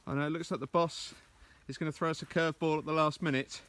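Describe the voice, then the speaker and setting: Bright-voiced man chatting on a walk. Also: fairly high pitch, little pitch movement, fast, smooth, no room sound. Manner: chatty and self-deprecating, with frequent "uh" fillers. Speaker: business presentation coach. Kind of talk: casual walking vlog. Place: outdoors in the countryside.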